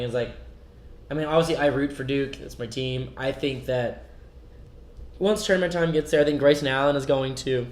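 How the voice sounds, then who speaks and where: A young man with a mid-range voice co-hosts a casual sports podcast. He talks hesitantly, restarting his sentences and filling pauses. His voice echoes around the room. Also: mid-range voice. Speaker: podcast co-host.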